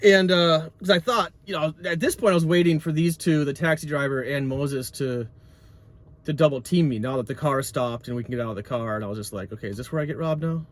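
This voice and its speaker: A man's voice: fairly high pitch, fairly quick. A man telling a travel story casually while driving, rambling with frequent restarts. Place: moving car. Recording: road noise in a car.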